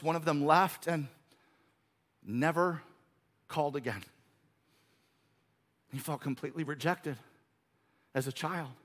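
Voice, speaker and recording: Male pastor, high-pitched, earnest and emphatic sermon delivery. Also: a bit bright. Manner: earnest preaching with emphatic repetition.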